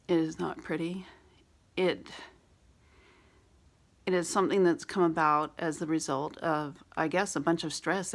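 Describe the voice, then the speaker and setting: A woman beauty vlogger with a raspy voice, candidly telling a personal story in a rambling vlog with many fillers. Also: fairly low pitch.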